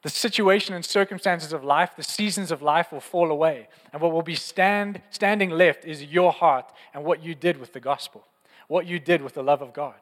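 A man's voice: fairly high pitch, normal speed, a bit bright, in a large hall. A man preaching a sermon in an earnest, passionate, conversational way, often repeating phrases. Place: church.

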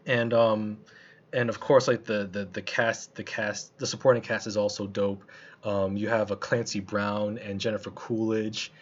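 His voice is on the low side with little pitch movement and a moderate pace. Casually reviewing a movie he saw, he talks loosely and colloquially with many fillers and restarts, captured in a somewhat muffled lo-fi recording.

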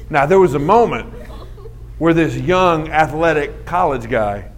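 A man in his forties preaches a storytelling sermon to young listeners, mocking himself for comic effect and acting out the scenes. His pitch is fairly high, with a little hiss or hum in the audio.

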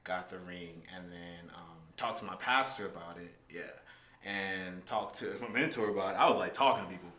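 A man in his twenties, a guest telling a personal story in a relaxed way with lots of fillers. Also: sits low, moderate pace. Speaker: interview guest. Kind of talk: casual storytelling. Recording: roomy echo.

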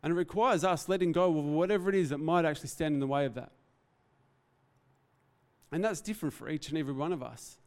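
An earnest man preaches, his voice sitting a little high for a man. He talks in a reflective, heartfelt way and speaks off the cuff. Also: darkish tone, in a large hall. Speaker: pastor. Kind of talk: sermon.

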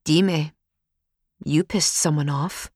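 A woman voicing a tough, guarded young woman who speaks flatly and curtly, in a storybook reading. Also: low voice, slow, husky, no room sound, studio quality, heavily acted. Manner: flat, curt, suspicious.

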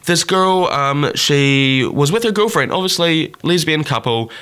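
A man hosting a solo podcast, talking earnestly and passionately and climbing higher in pitch when he gets worked up. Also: lively intonation, measured pace, sharp tone, clean tone. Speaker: podcast host.

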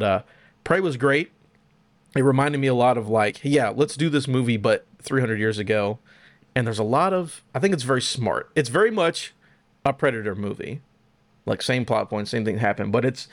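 A young man hosting a podcast, chatting casually about video games in an animated, profane, joking way. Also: mid-range voice, no echo. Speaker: podcast host.

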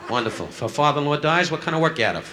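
A man's voice: a little high, very animated, rapid-fire. A man doing live insult comedy, brashly heckling people in the audience. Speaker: stand-up comedian. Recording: noisy 1960s live club recording. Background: audience laughter.

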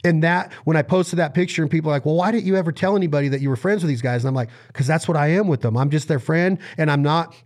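A man's voice: fairly high pitch, fast talker, hardly any pauses, darkish tone. A man from Reno, Nevada, talking as a podcast guest in earnest, rambling conversational storytelling full of restarts and repeated words.

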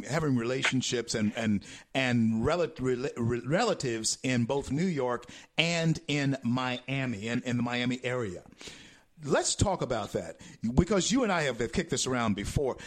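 A man with a Southern US accent hosting a political talk show, speaking haltingly with many restarts. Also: mid-range voice, animated.

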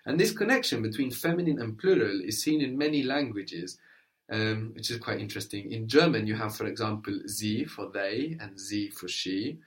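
A man's voice: lowish voice, expressive, moderate pace. A man teaching a language lesson, patiently prompting and encouraging his student.

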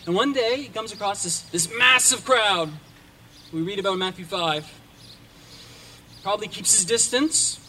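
A man preaching a sermon, retelling a story with dramatic shifts in pace and loudness. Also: sits high, a little hiss or hum. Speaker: pastor.

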